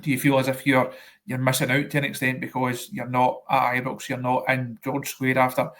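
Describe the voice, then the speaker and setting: A man interviewing a guest, asking long, measured questions. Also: medium pitch, completely flat delivery, a bit bright. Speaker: interviewer, journalist.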